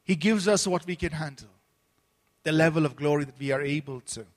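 A man with a high-pitched voice preaches a Sunday sermon as pastor, earnest and steady, often restarting and repeating words as he goes. His voice carries a long reverb, as if recorded in a large hall. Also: a little fast. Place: church service.

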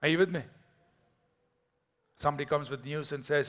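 A pastor delivering a sermon, swinging between loud declarations and hushed, whispered lines. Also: male voice, a little high, moderate pace, pauses often.

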